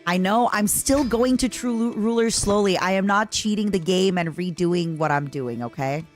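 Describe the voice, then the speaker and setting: A woman's voice: mid-range voice, moderate pace, faint music behind. A young adult woman streaming a strategy game, chatting casually and reacting dramatically to events and her chat. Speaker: VTuber streamer. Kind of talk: casual gameplay commentary.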